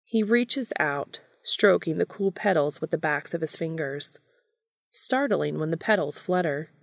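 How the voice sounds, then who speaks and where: A woman reads fan fiction aloud in a calm, steady storytelling voice. Her voice sits low with a gravelly edge, and she takes an unhurried pace. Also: no room sound, studio quality. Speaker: podcast reader.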